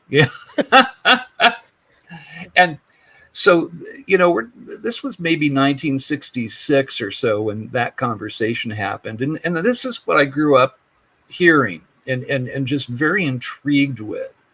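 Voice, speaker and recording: A man's voice: mid-range voice, animated, a little slow, fairly bright tone, slightly rough, low-quality recording. A man in his sixties, a guest on a podcast, telling a childhood story casually. He rambles, chuckles often and restarts his sentences. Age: 60s. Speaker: podcast guest, UFO investigator.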